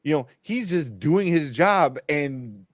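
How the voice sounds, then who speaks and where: A man's voice: on the high side, animated, slow pace, no room sound. A man hosting a casual film podcast, rambling with many fillers and frequent laughs. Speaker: podcast host. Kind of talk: casual chat.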